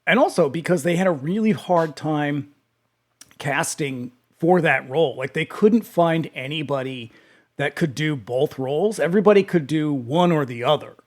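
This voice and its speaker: A man's voice: fairly high pitch, normal speed, a little mellow. A man co-hosting a podcast, chatting casually about an old film and adding behind-the-scenes trivia. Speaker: podcast co-host.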